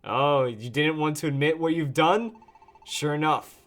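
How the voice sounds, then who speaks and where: A man's voice: a little high, measured pace, fairly bright tone, soft background music. A man voicing a scheming male grass creature with a Southern US drawl, reading a video game's lines aloud. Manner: folksy, sly twang.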